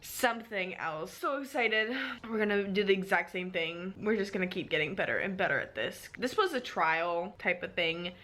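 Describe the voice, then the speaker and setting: A young woman chatting casually in a vlog, gushing and chatty with quick asides. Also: lowish voice, lively intonation, bright, forceful tone. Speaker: book vlogger.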